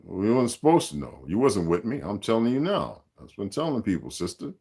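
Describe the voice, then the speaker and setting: A man's voice: on the low side, big pitch swings, brisk, darkish tone, breathy edge. A man in his sixties hosting a livestream, speaking in a rambling, profane, streetwise rant aimed straight at his viewers and chat. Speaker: livestream host.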